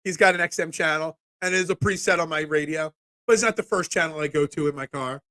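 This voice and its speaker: A man's voice: on the high side, quick pace, pushed and bright, no room sound, studio quality. A man in his forties hosting a casual sports talk stream, congested and cracking, rambling as he answers chat comments. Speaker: sports talk show host.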